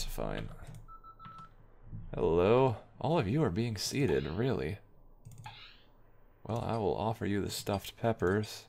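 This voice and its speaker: Low gravelly young man playing a game. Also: darkish tone. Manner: offhand, wry muttering while playing. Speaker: gaming video host. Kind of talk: let's play commentary.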